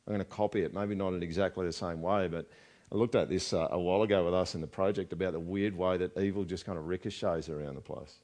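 A man's voice: sits low, fairly even intonation, fast, a little mellow. A man preaching a sermon in a conversational way, often asking the congregation rhetorical questions. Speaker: pastor.

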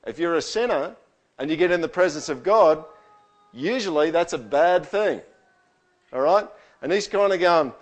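A man preaching a sermon to a congregation in a conversational style, turning animated as he acts out quotes. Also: fairly high pitch, normal speed. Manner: conversational, animated when quoting. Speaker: pastor.

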